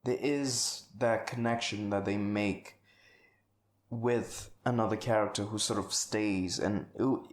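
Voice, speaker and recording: A man's voice: on the low side, fairly even intonation, slow pace. Rambling man podcaster in a roomy space. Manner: rambling, exclamatory, swears casually. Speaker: podcast co-host. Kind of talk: casual film discussion. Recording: roomy echo.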